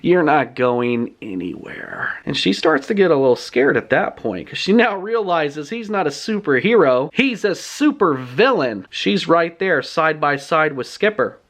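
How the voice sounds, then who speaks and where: Man, casual book recap, lively swooping voice, indignant asides. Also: a little high, moderate pace, hardly any pauses. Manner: animated, indignant, laughs often. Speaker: book reviewer.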